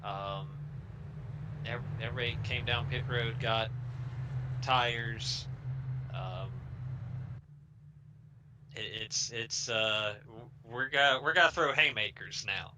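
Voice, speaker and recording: A man's voice: mid-range voice, takes it slowly, long pauses. Chatty male color commentator with noise. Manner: explanatory, conversational, many fillers and restarts. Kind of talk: sim racing commentary.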